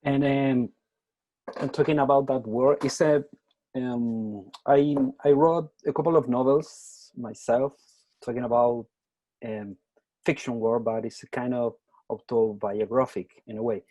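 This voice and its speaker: Halting man interviewer, Spanish native. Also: steady tone, mellow, dry recording. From Chile. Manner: halting, searching for words. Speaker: interviewer, film critic. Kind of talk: interview questions. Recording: dull, dry, low-fidelity sound.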